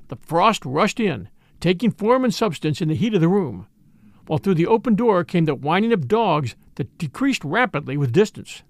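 A man narrating an audiobook in an expressive storytelling way. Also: high-pitched, normal speed, no echo, studio quality.

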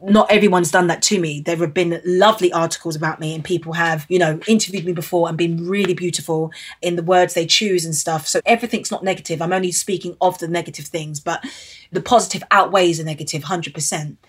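A woman's voice: lowish voice, fairly even intonation, fast, slightly rough. A woman in her thirties from Britain, speaking as an interview guest, earnest and emotional, repeating phrases for emphasis. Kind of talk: candid interview.

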